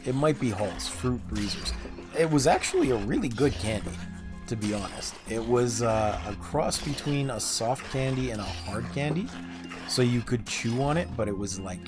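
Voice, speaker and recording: A man's voice: mid-range voice, lively intonation, normal speed, over music. A man in his thirties chatting casually and rambling while livestreaming a game, chuckling often. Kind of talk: casual chat while gaming.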